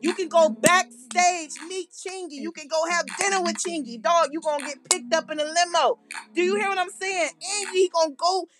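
A woman voicing a pushy radio DJ who loudly insists and hypes a prize, breaking into shouts. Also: very high voice, moderate pace. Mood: hyping.

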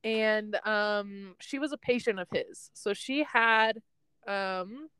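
A young woman tells a story in a loose, chatty way, wandering off the point and laughing often. Her voice is smooth and clear, and it sits close and dry, with almost no room sound. She sounds like she is talking from a parked car. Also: medium pitch, takes it slowly, sharp tone, no echo, poor audio. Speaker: podcast host telling a story. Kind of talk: casual storytelling chat.

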